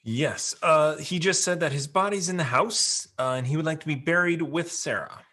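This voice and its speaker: Player, man, bright higher voice, casual halting table talk. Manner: hesitant, many fillers.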